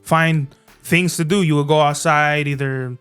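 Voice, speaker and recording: Young man, higher pitch, smooth clear voice, podcast guest, casual slang, faint music. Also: steady tone, a little slow, a bit bright. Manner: laid-back, slangy, hesitant restarts. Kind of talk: casual chat.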